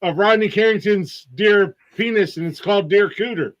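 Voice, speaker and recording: A man's voice: sits high, normal speed, dry recording, lo-fi sound. A man co-hosting a comedy podcast, making blunt, crude jokes in casual banter. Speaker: podcast co-host.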